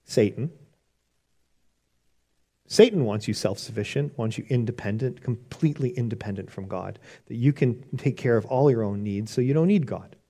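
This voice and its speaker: A man's voice: mid-range voice, normal speed, warm tone. A man preaching a sermon on prayer in an earnest, conversational way, often restarting his sentences. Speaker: pastor.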